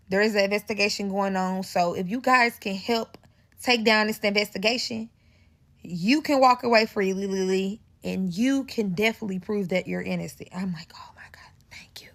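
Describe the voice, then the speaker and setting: A young woman with a St. tells a serialized storytime in an animated, profane way, often addressing listeners as y'all. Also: mid-range voice, creaky. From St. Louis, Missouri.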